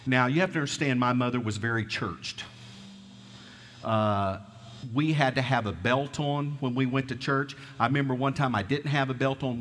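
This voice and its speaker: A middle-aged preacher with a Southern twang tells homespun stories from the pulpit and keeps putting questions to his congregation. His voice sits at an ordinary pitch for a man. The sound carries a long reverb from the church hall around him. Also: fairly bright tone, slightly rough. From American South. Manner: folksy, conversational, asks the congregation questions. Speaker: pastor. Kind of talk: storytelling sermon. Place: church sanctuary.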